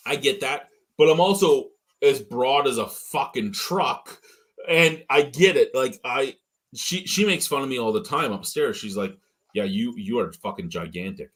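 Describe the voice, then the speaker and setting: Husky animated man telling stories loudly. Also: mid-range voice, a little slow. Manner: loud, profane, animated storytelling. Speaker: beer review podcast co-host. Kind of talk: casual live-stream chat. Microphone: headphones and mic at home.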